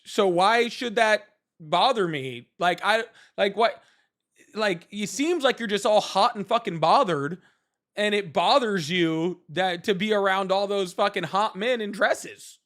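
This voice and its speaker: A man's voice: high-pitched, a little slow, a bit bright. A young man hosting a live political call-in stream, talking loosely and profanely with lots of fillers and restarts. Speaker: livestream host. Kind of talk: casual livestream debate with callers.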